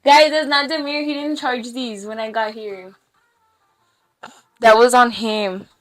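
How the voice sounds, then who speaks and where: A woman's voice: on the high side, steady tone, unhurried, soft background music. A young woman telling wild stories on a casual podcast, slangy and full of swearing, laughing as she goes. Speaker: podcast guest. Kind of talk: casual storytelling. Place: small room with podcast lights and mic.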